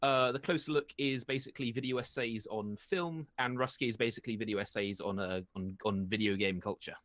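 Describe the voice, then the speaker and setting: A man's voice: mid-range voice, a little fast, fairly bright tone, no echo. A British man giving a casual interview, hesitant with many ums and self-deprecating asides. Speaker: interview guest, YouTuber. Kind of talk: casual chat.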